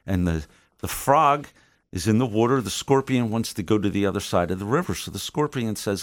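A man's voice: on the low side, lively intonation, brisk, dry recording. A man guesting on a Christian radio show, explaining his program in an earnest, teaching manner and acting out voices when he tells a story. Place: radio studio.

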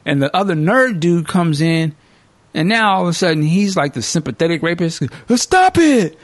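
A male podcast host casually recapping a movie as an animated storyteller who acts out the characters. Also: on the high side, fairly quick, dry recording.

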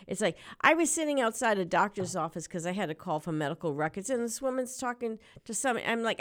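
A woman's voice: medium pitch, fast talker, few pauses. A middle-aged woman talks on local radio, telling family stories and venting about pet peeves. Her voice sits in a middle range. She rambles with plenty of "you know," swinging from easy chat to exasperated outbursts. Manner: animated storytelling, ranting. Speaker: radio host. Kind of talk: chatty radio talk.

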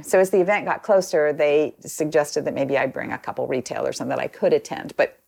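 A woman's voice: low voice, fairly quick, gravelly, hardly any pauses, a little mellow. A woman guest telling a long personal story in a chatty way, with many ums and quoted lines. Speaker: interview guest. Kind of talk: casual storytelling.

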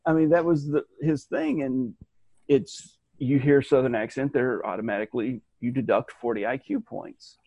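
Rambling, animated man in casual chat. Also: medium pitch, normal speed, creaky, dry recording, dull audio. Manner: rambling and animated, with restarts and mock voices.

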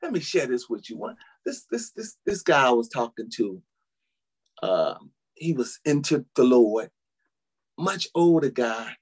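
A man's voice: medium pitch, big pitch swings, a little slow, husky. A male pastor preaching a sermon, calling out to the congregation with frequent amens, hallelujahs and little laughs. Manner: preaching with frequent "amen" and laughs, addressing "saints".

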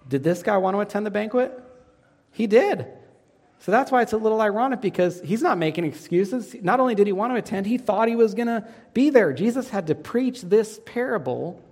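Man preaching, slightly high voice, dramatic swings in pitch and volume, quizzes the congregation, long hall reverb. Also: darkish tone, slightly rough. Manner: asks the congregation fill-in questions. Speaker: pastor. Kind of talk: sermon.

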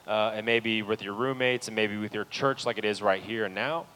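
A man preaching a sermon as pastor in a church, talking earnestly to the congregation and building to loud, pleading peaks. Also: on the low side, fairly even intonation, moderate pace, a little hiss or hum, rough recording. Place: church sanctuary.

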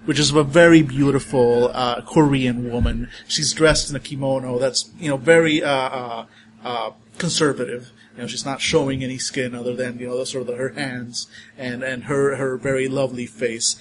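A man's voice: mid-range voice, fairly even intonation, normal speed. Man narrating as game master. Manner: rambling narration with many fillers. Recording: faint background hiss.

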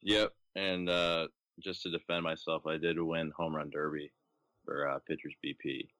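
A young man from California, a guest on a podcast, answering in a relaxed, easygoing way. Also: rumbling low, normal speed, no echo. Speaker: guest, college pitching coach. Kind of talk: casual interview chat.

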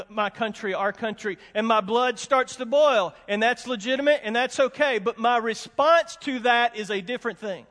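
A man's voice: very high voice, fairly bright tone. A man preaching a sermon as pastor, emphatic and folksy, repeating his warnings with humorous asides. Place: church sanctuary with congregation. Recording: long hall reverb.

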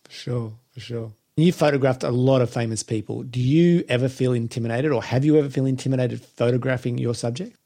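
Husky, mellow-voiced male interviewer. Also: mid-range voice, fairly quick, hardly any pauses. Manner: brief questions and affirmations.

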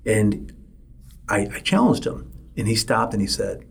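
A man's voice: on the low side, fairly even intonation, normal speed, creaky, slight background noise. A middle-aged man hosting a solo podcast, talking emphatically and repeating his points for stress. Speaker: podcast host.

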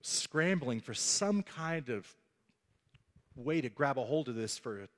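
A male pastor delivers a sermon in a mid-range, slightly bright voice, speaking slowly but with animation in a big-room acoustic. He tells the story vividly and acts out the voices of its characters.

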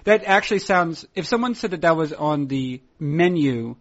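A man talks in a loose, rambling way, circling back and restarting his thoughts. His voice sits a little higher than most men's. The recording is dull and lo-fi. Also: animated, moderate pace. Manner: chatty, rambling with restarts and laughs. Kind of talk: casual chat.

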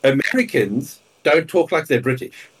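A man's voice: medium pitch, animated, moderate pace, slight background noise. A man co-hosting a podcast in casual chat, rambling and repeating words as he thinks. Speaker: podcast co-host.

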